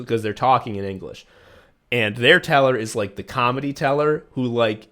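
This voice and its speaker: A man's voice: lowish voice, a bit bright. Podcast co-host, male, swearing and rambling through an anecdote. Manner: rambling, profane anecdote-telling with many fillers. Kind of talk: casual chat, telling a travel story.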